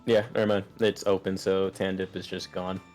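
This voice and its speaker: A man's voice: low-pitched, flat delivery, normal speed, darkish tone, faint music behind. A young man acting as game master, narrating loosely with lots of filler words. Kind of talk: running a tabletop game over voice chat.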